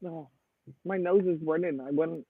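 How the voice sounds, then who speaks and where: A man's voice: on the high side, normal speed, husky, no echo. A man hosting a live stream in casual chat, talking at length and laughing often. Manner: chatty, laughs often, animated storytelling. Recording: dry tinny phone-like sound.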